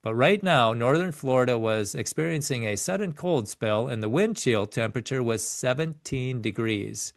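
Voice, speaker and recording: A man's voice: mid-range voice, expressive, normal speed, few pauses, no room sound, studio quality. A man reading a biography chapter aloud in an earnest way, often stumbling and correcting himself mid-sentence. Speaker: narrator reading a book chapter.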